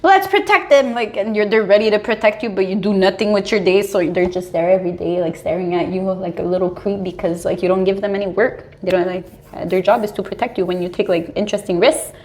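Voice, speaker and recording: A young adult woman talking casually as a tarot reader, animated and full of "like"s, often breaking into laughter. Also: mid-range voice, quick pace. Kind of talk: casual spiritual advice monologue.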